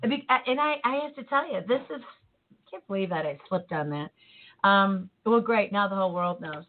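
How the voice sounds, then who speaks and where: A woman co-hosting a casual motivational chat, animated and laughing easily, often trailing off mid-thought. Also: mid-range voice, moderate pace. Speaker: co-host. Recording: tinny phone-like line.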